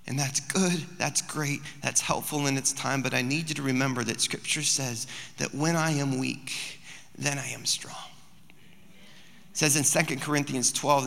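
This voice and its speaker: A man in his thirties, a pastor preaching a sermon, telling a family story and then rising into loud, emphatic preaching in a large church hall. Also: mid-range voice, vocal fry.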